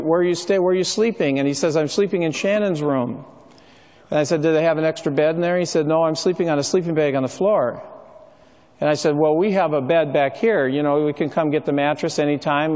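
A man's voice: on the high side, a little mellow. A middle-aged man giving a sermon, telling stories in a conversational way with frequent ums and uhs. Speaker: speaker. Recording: long reverb of a large hall.

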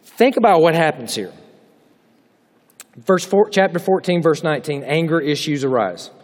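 A man's voice: on the high side, lively intonation, moderate pace. A man with a Southern US accent preaching a humorous chapel sermon, folksy and full of joking asides to the audience. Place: chapel hall. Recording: long hall reverb.

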